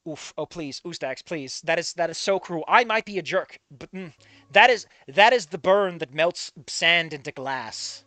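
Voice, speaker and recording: A man reading a fan story aloud and breaking off into animated, profane, mock-outraged commentary. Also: on the high side, moderate pace, dry recording. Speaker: story reader.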